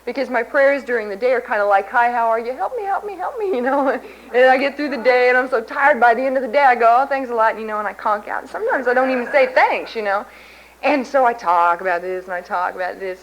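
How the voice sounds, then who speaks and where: A woman from Kansas giving a candid, self-mocking personal recovery testimony from a podium in a large convention hall. She laughs often at herself. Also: medium pitch. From Kansas, USA. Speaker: main speaker at a recovery convention.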